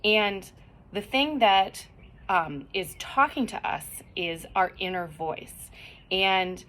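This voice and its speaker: A woman's voice: medium pitch, takes it slowly, fairly bright tone. A middle-aged woman giving encouraging mental-skills tips at home, upbeat and acting out quoted self-talk. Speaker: cheer mental-skills speaker.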